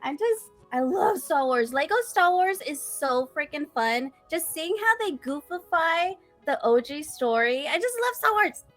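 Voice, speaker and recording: A woman's voice: high voice, animated, measured pace, hardly any pauses, fairly bright tone, soft background music. A young woman streamer chatting as a guest, bubbly and giggly. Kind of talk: casual interview chat.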